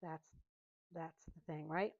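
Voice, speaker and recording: A woman's voice: lowish voice, moderate pace, dull audio. A woman chatting casually while she paints, laughing often and talking to herself. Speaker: painting vlogger.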